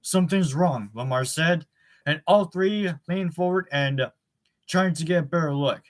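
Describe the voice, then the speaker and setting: A man's voice: fairly high pitch, a little slow. A man reading a novel chapter aloud in a plain voice, with occasional fillers and self-corrections. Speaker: audiobook reader.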